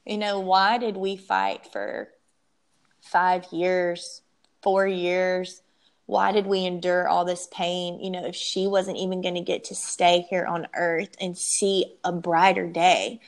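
A young woman shares her own story in an interview, speaking emotionally and haltingly and often starting sentences over. Her voice is on the low side, with a steady tone.

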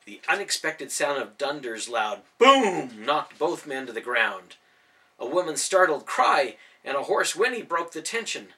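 Male storyteller, reading a children's novel aloud, animated, lively pitch, slightly high voice. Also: measured pace, distant mic. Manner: animated, expressive.

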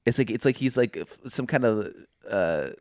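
A man co-hosting a podcast, telling profane stories in animated casual chat. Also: medium pitch, moderate pace, no echo, clean studio sound. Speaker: podcast co-host.

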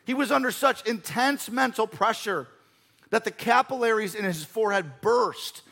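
High-voiced earnest male preacher. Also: moderate pace, vocal fry, sharp tone. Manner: earnest preaching with emphatic repetition. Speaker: pastor. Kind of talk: sermon.

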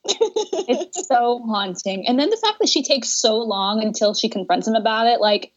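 A young woman with a slightly husky, fairly high voice tells the story with giggles and animated asides. The recording sounds dull and lo-fi. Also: moderate pace. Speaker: podcast co-host. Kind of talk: casual film recap chat.

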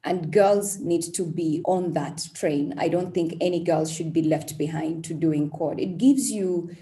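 A woman's voice: fairly low pitch, unhurried, dark tone. A young woman, speaking as a guest in a podcast interview, earnest and openly emotional. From Uganda. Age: young adult. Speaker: tech entrepreneur guest.

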